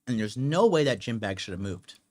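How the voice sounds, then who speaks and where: A man's voice: lowish voice, expressive, fairly quick. A young man hosting a podcast, telling a personal story in a blunt, rambling, profane way with lots of fillers. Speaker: podcast host. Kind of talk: casual storytelling monologue.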